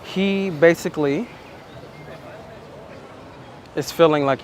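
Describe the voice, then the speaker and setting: A man talking as a dating coach, slow and emphatic, repeating his points in a reflective monologue. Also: a little high, slight background noise.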